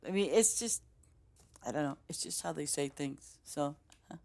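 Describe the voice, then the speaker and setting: Female game streamer, Boston accent, deep-pitched, chatty and rambling, laughs easily. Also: expressive, normal speed, creaky, darkish tone. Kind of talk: casual chat with stream viewers.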